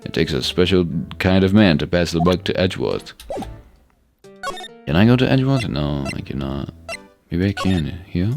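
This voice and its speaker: A man's voice: deep voice, animated, moderate pace, pauses often, music in the background. A man playing through a courtroom video game, reading the lead's lines with wry, dry asides. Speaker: let's play host voicing the lawyer lead. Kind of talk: game playthrough narration.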